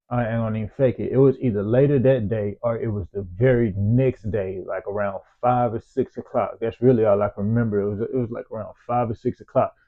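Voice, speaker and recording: A man telling a story from his own life in a loose, profane, slangy way. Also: lowish voice. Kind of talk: casual personal storytelling. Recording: tinny phone-like sound.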